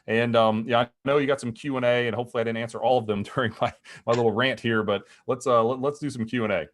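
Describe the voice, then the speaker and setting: Fast-talking man explaining markets on a video call. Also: mid-range voice, slight background noise. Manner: energetic, talks fast with frequent restarts and acted-out quotes. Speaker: guest market strategist. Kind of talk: animated conversational explanation.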